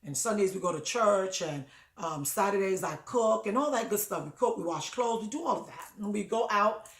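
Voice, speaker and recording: A woman hosting an advice show, telling a personal story in a conversational, animated way that lifts high when she quotes herself. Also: moderate pace. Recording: echoey room.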